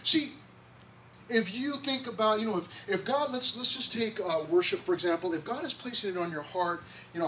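A man preaching as a pastor in a church, with an excitable, conversational delivery full of restarts and asides. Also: sits high, a little fast. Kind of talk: sermon. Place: church sanctuary. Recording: distant mic, faint background noise.

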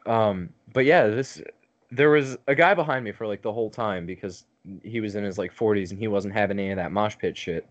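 A man's voice: lowish voice, fairly quick, dull audio. A man on a podcast telling a long story in casual chat, rambling with lots of fillers and swearing.

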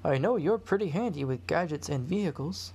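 A kindly old grandfather speaks gently and unhurriedly, as a woman reader puts him on. The voice sits low and breathy. It sounds like a storybook elder. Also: lively intonation, brisk, exaggerated voice. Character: kindly grandfather, older man, handy. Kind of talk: storybook reading.

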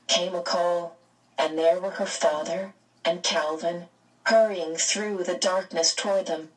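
A woman narrating a storybook aloud in a slow, expressive reading. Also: on the low side, recorded from a distance, rough recording. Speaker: audiobook narrator.

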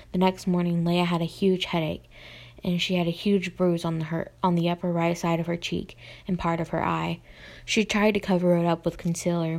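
A young woman reads her own story aloud in a low, gravelly voice. She speaks plainly and stumbles now and then, going back to fix her words. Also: a little mellow. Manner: plain reading with small slips and restarts. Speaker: podcast storyteller.

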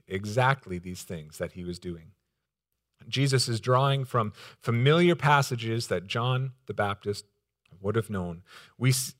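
Animated male pastor preaching. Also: on the low side. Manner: animated, rising emphasis when voicing quotes. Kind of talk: sermon.

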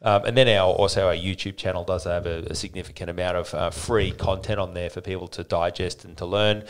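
A deep-voiced man in his forties, chatting as a podcast guest. He tells stories in a rambling, lively way, restarting his sentences often. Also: a little fast. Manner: rambling, animated storyteller with frequent restarts. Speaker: podcast guest, fitness business owner. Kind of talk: casual interview storytelling.

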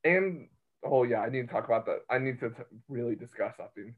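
A man hosting a casual sports podcast. He rambles in an excitable way and keeps cutting into his own sentences. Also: mid-range voice, fast talker. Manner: rambling, excitable, self-interrupting. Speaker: college baseball podcast host. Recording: tinny phone-line sound.

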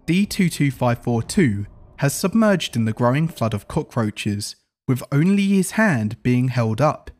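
A man giving scripted horror narration in an even, report-like reading style. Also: mid-range voice.

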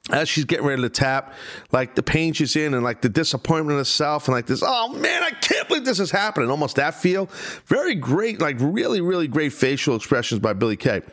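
A man's voice: mid-range voice, a bit bright. Rambling, opinionated male podcast host. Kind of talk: casual wrestling commentary.

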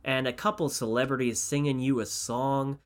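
A man co-hosting a podcast, talking in a casual, animated way, getting exasperated and often restarting his sentences. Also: medium pitch, moderate pace. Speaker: podcast co-host. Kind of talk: casual chat.

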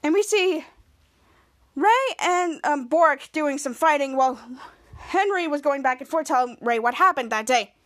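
Brief: woman podcast host, high voice, chatty and rambling. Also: lively intonation, moderate pace. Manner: rambling, with frequent restarts. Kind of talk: casual episode recap.

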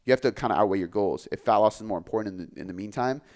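A man who works as a fitness coach, talking casually on a podcast, relaxed and full of filler words. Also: lowish voice, racing. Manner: relaxed, filler-heavy, says "like" often.

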